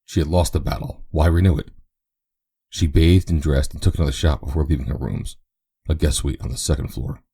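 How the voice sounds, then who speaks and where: A man narrating a novel as an audiobook in a steady, even reading. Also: extremely low pitch, husky. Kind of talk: scripted narration.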